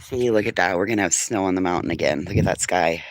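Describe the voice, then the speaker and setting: A man's voice: low-pitched, quick pace, slight background noise. A man vlogging a casual morning chat at a farm house, talking bluntly to his animals and swearing freely.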